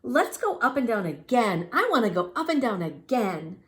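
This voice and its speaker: A woman's voice: fairly high pitch, big pitch swings, moderate pace, a bit bright, voice pushed up. Woman doing a wide-eyed young lion. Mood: pleading. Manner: wide-eyed, pleading, growls. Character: naive eager young male lion.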